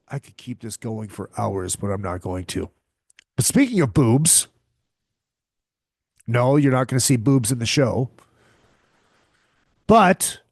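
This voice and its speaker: A man's voice: mid-range voice, darkish tone, dry recording, clean studio sound. A man hosting a podcast, ranting in a crude, profane and exasperated way, repeating himself often. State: tired and hungover. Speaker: podcast host. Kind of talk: crude comedic rant.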